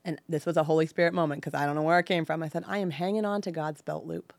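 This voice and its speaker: A Bay Area woman in her thirties, appearing as a podcast guest, shares her own story openly and with feeling, slowing down over the painful parts. Her voice is deep, gravelly and steady, and the recording is dry.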